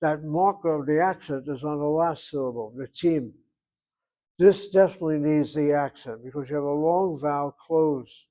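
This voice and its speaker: A man's voice: on the high side, moderate pace, dark tone. An older man teaching a Hebrew grammar class, thinking aloud and reasoning back and forth as he explains.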